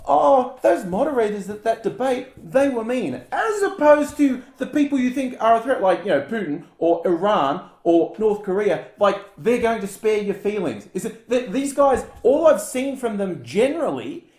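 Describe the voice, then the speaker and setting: A man's voice: sits high, sing-song, normal speed, few pauses, a little mellow. A man co-hosting a casual political chat, ranting bluntly and sarcastically. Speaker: podcast co-host. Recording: roomy echo.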